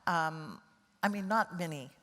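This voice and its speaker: A woman's voice: sits low, expressive, unhurried, fairly bright tone, big-room sound. An older woman, a guest actress, telling candid, wry anecdotes in a casual interview.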